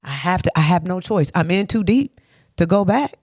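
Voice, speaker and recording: A woman's voice: lowish voice, expressive, normal speed, a little mellow, dry recording, clean studio sound. A woman giving a motivational faith talk, emphatic and repetitive like a preacher, with rhetorical questions and frequent laughs. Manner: laughs often between points.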